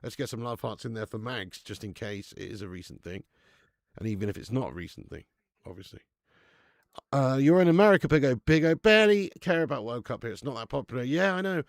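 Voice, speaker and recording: Male streamer, gravelly and dry-sounding; laddish live chat host who reads out viewers' names. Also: medium pitch, lively intonation, a little fast, dry recording. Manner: chatty and laddish, reading out viewer names, laughs often. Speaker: watch-along host.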